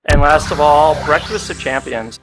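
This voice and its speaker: A man's voice: a little high, normal speed, noisy background. Wisecracking man hosting a comedy game show. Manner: wisecracking, reads prompts aloud. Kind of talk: joking podcast game show banter.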